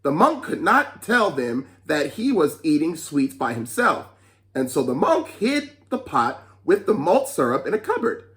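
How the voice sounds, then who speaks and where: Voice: medium pitch, sing-song, unhurried, a bit bright. A children's storyteller reading a folk tale aloud, with chatty asides to young listeners.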